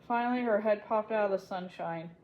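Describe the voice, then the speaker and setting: Woman reading a kids chapter book, gentle and unhurried. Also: medium pitch, phone-quality sound, slight background noise. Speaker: storybook reader.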